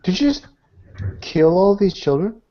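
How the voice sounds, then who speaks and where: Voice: medium pitch, sing-song, a little slow. A player in a tabletop game asking the game master questions. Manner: inquisitive, questioning. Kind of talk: casual tabletop play. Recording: dull lo-fi recording.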